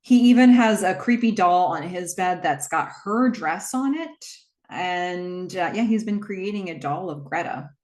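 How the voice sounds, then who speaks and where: A woman's voice: on the low side, lively intonation, unhurried, a little mellow, roomy sound. Chatty woman recapping a movie. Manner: chatty, breezy retelling with asides and little acted quotes. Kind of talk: casual movie plot recap.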